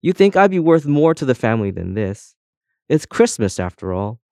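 A man's voice: mid-range voice, sing-song, normal speed, gravelly, dark tone, dry recording. A man voicing a glum, never-used battery in a storybook reading, in a dry room. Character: glum unused male battery.

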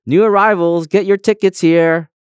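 A man voicing a bossy female tin opener who hands out tickets in a brisk, snappish way. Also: mid-range voice, very animated, dry recording, pitched above the performer's own voice, lightly acted.

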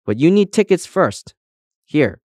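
A man voicing a bossy female tin opener who hands out tickets in a brisk, snappish way. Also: on the high side, sing-song, a little mellow, no room sound, clean studio sound, pitched above the performer's own voice.

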